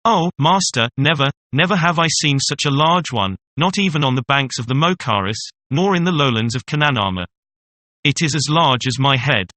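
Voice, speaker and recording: A man's voice: medium pitch, expressive, normal speed, bright, forceful tone, no room sound. A man voicing a frightened old female servant in a hypnotic trance, speaking in a gasping, strangled way. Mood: entranced terror.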